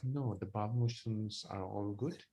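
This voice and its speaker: A man's voice: on the low side, moderate pace, dark tone, slight background noise, close to an everyday voice. A man playing a worried father of a sick young son in a medical exam role-play, answering hesitantly. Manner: hesitant, concerned replies.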